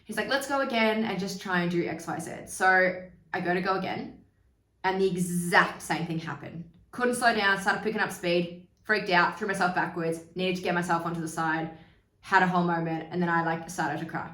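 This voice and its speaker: Young woman rambling through a story, lowish voice, kinda far from the mic in an echoey room. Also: moderate pace, bright, forceful tone. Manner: chatty and candid, swearing freely, acting out quoted voices. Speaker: podcast host. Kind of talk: candid personal storytelling. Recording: roomy, from away from the mic.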